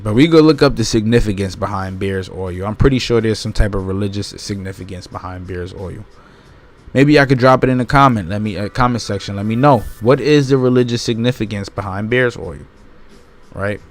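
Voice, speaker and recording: A man's voice: on the low side, a little fast. A man hosting his channel, reading a book aloud and breaking off into casual, emphatic commentary that repeats points and keeps asking his listeners "right?". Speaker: channel host.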